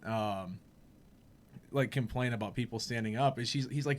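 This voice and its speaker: A young man on a podcast telling a funny story in casual chat, animated and laughing, acting out the people he quotes. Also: medium pitch, unhurried, long pauses, a little hiss or hum. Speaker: podcast host.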